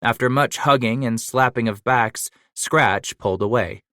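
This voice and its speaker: A man narrating a western novel with a steady storytelling delivery. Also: medium pitch, measured pace, no room sound, clean studio sound. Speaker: audiobook narrator.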